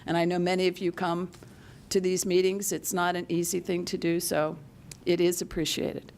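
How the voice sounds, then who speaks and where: A woman chairing a committee meeting, thanking members with many halting restarts. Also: fairly low pitch, little pitch movement, creaky, darkish tone. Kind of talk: formal meeting remarks. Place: meeting room.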